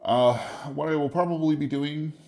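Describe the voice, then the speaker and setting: A man in his forties hosting a casual solo podcast, rambling in a wry, stream-of-consciousness way with a deep radio voice. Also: normal speed, darkish tone, faint music behind. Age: 40s. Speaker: podcast host.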